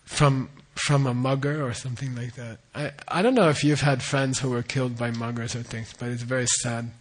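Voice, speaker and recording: A man's voice: medium pitch, fairly even intonation, moderate pace. Man explaining Buddhist terms, repeating "okay?". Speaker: Buddhist teacher. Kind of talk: dharma teaching.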